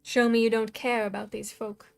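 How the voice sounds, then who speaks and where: A scornful dark mentor from a spoken storybook, low and hushed, every line an order, voiced by a woman reading aloud. Her voice sits a little high even when she drops it. Faint guitar music plays underneath. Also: normal speed, vocal fry, clean tone. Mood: cold, commanding.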